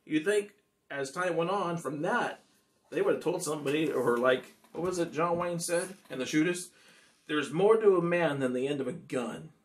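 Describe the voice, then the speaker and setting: A man's voice: a little high, normal speed. A man, a singer-songwriter, chatting casually and ramblingly to his audience between songs. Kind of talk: casual chat between songs at a home concert.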